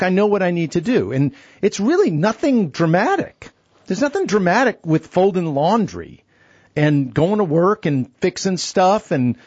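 A man hosts a talk show about faith and speaks in a candid, friendly way. His voice is husky and a bit high, with a lively pitch. The audio is dry and dull, like a lo-fi studio recording. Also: no room sound. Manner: friendly, candid, asks questions.

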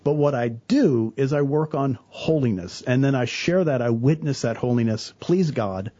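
A middle-aged man, a church worker talking about faith in an earnest, animated way, acting out the people in his stories. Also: mid-range voice, normal speed, lo-fi sound. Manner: earnest, animated storyteller, quotes people in voices. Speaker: church worker, guest on a talk show. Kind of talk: casual faith talk.

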